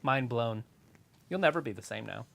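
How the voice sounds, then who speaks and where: A man's voice: mid-range voice, lively intonation, moderate pace, creaky, fairly bright tone. A man co-hosting a casual live watch-along stream, making offhand, opinionated and teasing remarks. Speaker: stream co-host.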